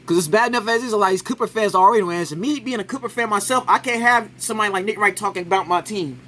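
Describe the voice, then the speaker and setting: Male reaction commentator, high bright voice, argumentative, peppers lines with "right?". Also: racing, slight background noise. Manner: argumentative, keeps adding "right?". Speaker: commentator reacting to a sports clip.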